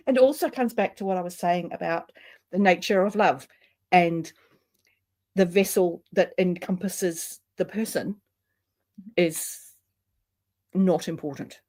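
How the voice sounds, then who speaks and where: A woman's voice: fairly low pitch, takes it slowly, pauses often, a little mellow. Chatty woman who laughs often. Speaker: host. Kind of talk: casual chat.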